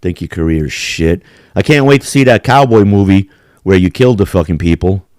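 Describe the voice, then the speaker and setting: A man's voice: sits low, fairly quick, dry recording, clean studio sound. A man, hosting a casual chat in a rambling, profane way. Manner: profane, rambling, animated with put-on quotes. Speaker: podcast host.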